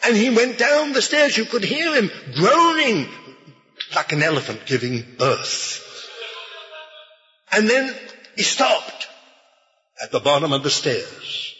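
An older man telling a testimony story in a sermon, slow and hesitant with restarts. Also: high-pitched, sing-song, bright, forceful tone. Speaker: preacher giving a testimony. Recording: echoey hall, dull lo-fi.

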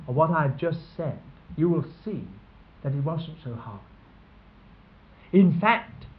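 Earnest male preacher on a tinny recording. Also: on the high side. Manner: earnest, emphatic preaching with rising exclamations. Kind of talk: sermon.

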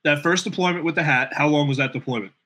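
A man's voice: fairly high pitch, fast, a bit bright. A man co-hosting a podcast in casual chat, joking and laughing often.

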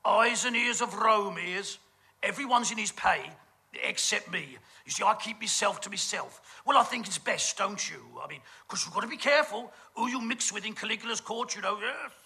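A man's voice: high voice, moderate pace, pushed and bright. A man with a British accent doing a camp, gossipy stage comedy monologue full of innuendo. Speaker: comic performer.

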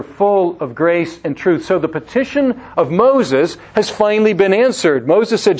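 A man preaching a sermon, speaking in a measured way and slowing down on key phrases. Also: sits high, lively intonation, darkish tone. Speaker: pastor.

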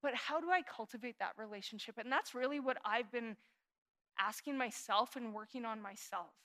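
A woman pastor in her thirties preaching with a fairly high voice. She is earnest and confessional, sinking into hushed prayers and then rising into animated emphasis. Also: normal speed. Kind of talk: sermon.

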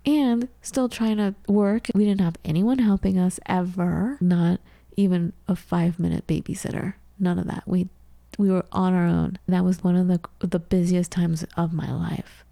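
A woman's voice: fairly low pitch, steady tone, normal speed, vocal fry, dark tone, dry recording. A woman podcast co-host in her thirties telling candid personal stories in casual conversation, with frequent restarts.

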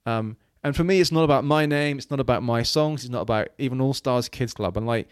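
A man's voice: mid-range voice, fast, clean tone, no room sound. Earnest man from Wales, dry sound. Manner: earnest, rambling with many restarts and fillers. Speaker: guest, children's ministry leader. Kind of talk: casual interview talk.

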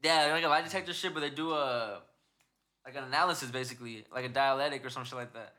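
A man's voice: medium pitch, fast talker, bright, forceful tone. A young man hosting a podcast in casual chat, rambling and swearing as he retells stories. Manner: rambling, profane, retells stories with put-on quotes. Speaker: podcast host.

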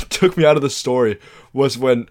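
A man's voice: medium pitch, expressive, a little slow. Enthusiastic man chatting about a film. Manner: enthusiastic, laughs easily. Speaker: podcast co-host. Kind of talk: casual film review chat.

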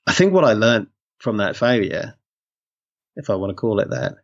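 This interview guest is a Londoner with a lowish voice that rises and falls sharply, speaking at normal speed over muffled audio. Thoughtful and prone to self-correction, he fills his reflective, conversational answers with frequent "you know"s.

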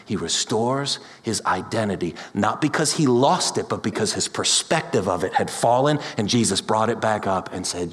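A pastor preaching a sermon with passion, building his voice up to loud peaks. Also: on the low side. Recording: large hall with long reverb.

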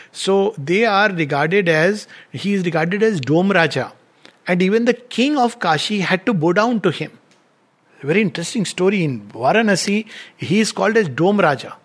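A man's voice: high-pitched, fairly bright tone. A man giving a storytelling lecture on scripture, retelling a myth and acting out the quoted lines with animation. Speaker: spiritual lecturer.

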